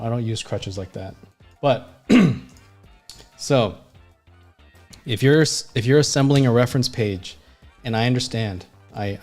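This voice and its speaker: This is a lowish, somewhat mellow man's voice. He's an art teacher and designer running a livestream, and he speaks bluntly and casually with plenty of swearing, fillers like "you know what I mean," emphatic rambling and lots of false starts.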